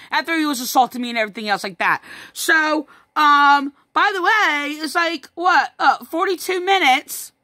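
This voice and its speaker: A distressed woman telling her story to the camera in a halting, repetitive way, with many fillers and sighs. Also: sits high, sharp tone, no room sound, studio quality. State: upset. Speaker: vlogger recounting a family incident. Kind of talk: distressed personal account to camera.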